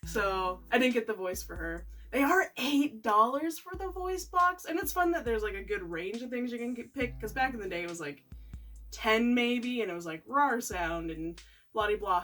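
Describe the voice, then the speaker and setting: A woman's voice: fairly high pitch, a bit bright, recorded from a distance. Giggly woman reviewing toys. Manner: chatty, laughs often between remarks. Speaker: toy reviewer. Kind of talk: casual product review vlog.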